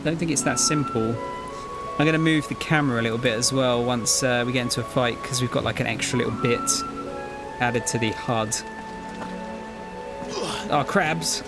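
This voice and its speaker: A man's voice: mid-range voice, moderate pace, pauses often, loud music behind the voice. A man giving chatty, jokey gameplay commentary as a streamer, swearing now and then.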